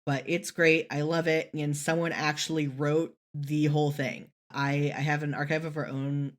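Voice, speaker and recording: A woman co-hosting a casual podcast, talking in a rambling, animated way and swearing casually. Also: deep voice, moderate pace. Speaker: podcast co-host.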